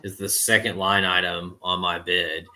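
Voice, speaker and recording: A man's voice: sits low, level tone, moderate pace, sharp tone. A man in casual podcast chat, plainly explaining how contractors should run their jobs. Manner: matter-of-fact, explains business practice plainly.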